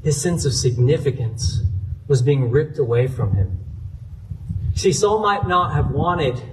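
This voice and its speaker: A man's voice: fairly high pitch, expressive, unhurried, recorded from a distance, background noise. A man preaching a sermon, retelling a scripture story earnestly and citing chapter and verse as he goes. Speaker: pastor.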